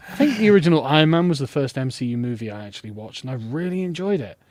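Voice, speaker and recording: A man talking casually as a podcast guest, blunt and animated, swearing freely. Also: medium pitch, racing, dry recording. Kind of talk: casual chat.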